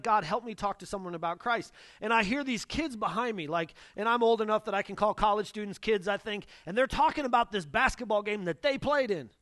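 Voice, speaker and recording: A young male pastor preaching with a high, light voice. He tells his stories in an animated way and acts out the dialogue. The sound is dry and close. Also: no room sound. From Northern US. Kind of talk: sermon with personal stories.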